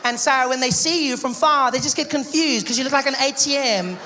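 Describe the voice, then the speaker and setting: A woman's voice: high-pitched, fairly quick, bright, forceful tone. A woman performing stand-up comedy, building each joke to a punchline. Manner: setting up a joke with a punchline turn.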